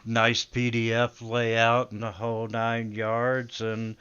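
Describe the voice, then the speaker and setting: Slow-talking male game master with a smooth voice, muffled voice-chat sound, relaxed and halting. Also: mid-range voice. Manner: relaxed and hesitant, many filler pauses. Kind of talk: casual game session intro.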